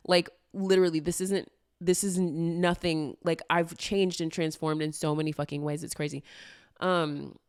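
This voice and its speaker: A woman's voice: sits low, fairly even intonation, moderate pace, darkish tone, clear, resonant tone, no echo, studio quality. A young adult woman hosting a casual podcast, rambling candidly with lots of fillers and the odd swear word. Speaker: podcast host.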